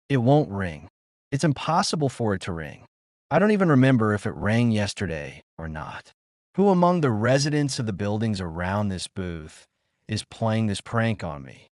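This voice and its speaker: A man's voice: on the low side, no room sound, clean studio sound. A man narrating a suspenseful first-person story in a dramatic way, repeating phrases to build tension.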